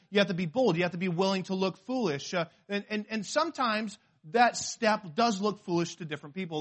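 With a high voice, a western US pastor preaches a lively sermon in a conversational tone. He tends to act out quotes and restart his sentences often.

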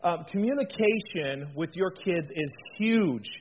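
A man with a high voice delivers a relaxed, conversational sermon. He talks in a chatty, animated way and keeps asking the room questions. The recording sounds dull and lo-fi, with a faint hiss under it. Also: unhurried. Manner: chatty and animated, with frequent fillers and rhetorical questions. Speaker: pastor.

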